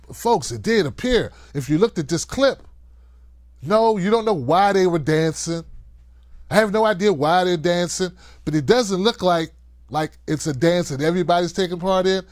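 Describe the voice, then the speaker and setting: A man's voice: high voice, normal speed, no echo, clean studio sound. A man hosting a political commentary show, talking in an emphatic, sarcastic monologue.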